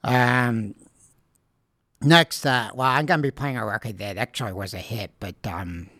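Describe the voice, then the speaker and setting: Rambling, halting male radio DJ. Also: mid-range voice, bright, forceful tone, dry recording, studio quality. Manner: rambling, halting, self-correcting. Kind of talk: casual radio show links.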